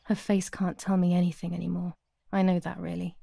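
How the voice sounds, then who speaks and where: A haunted young woman in a video game, talking to herself in an anxious, gravelly murmur. Her tone is dark and mellow. The sound is close and dry. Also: fairly low pitch, level tone, a little fast, no room sound, heavily acted. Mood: somber.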